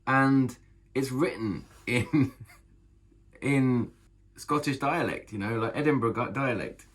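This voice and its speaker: A man, an author, talking casually to camera about bold storytelling, enthusiastic and emphatic, with a gravelly, husky voice. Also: medium pitch, takes it slowly. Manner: enthusiastic, emphatic, repeats phrases. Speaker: author and vlogger.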